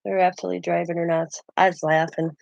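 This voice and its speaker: Chatty grandmother with a gravelly voice. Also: on the low side, level tone, quick pace, a little mellow, dry recording. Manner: chatty, laughs often, greets viewers. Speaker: craft vlogger. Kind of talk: casual chat while crafting. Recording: dull lo-fi livestream audio.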